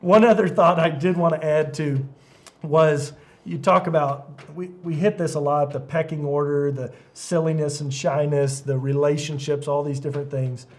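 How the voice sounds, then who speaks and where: Animated, laughing youth pastor man. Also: a little high, moderate pace. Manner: animated storyteller, laughs often. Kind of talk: casual podcast discussion.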